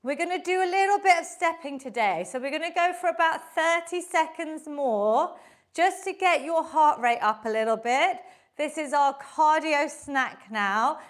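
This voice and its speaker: A woman fitness instructor leading a live online workout class, encouraging and coaching through the moves while exercising, a little breathy. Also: high voice.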